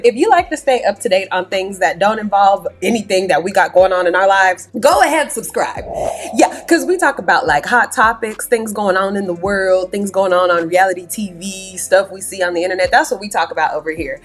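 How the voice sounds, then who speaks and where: A woman's voice: medium pitch, moderate pace, faint music behind. A woman hosting a gossip commentary channel, retelling reality TV drama in a slangy, dramatic way. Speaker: host.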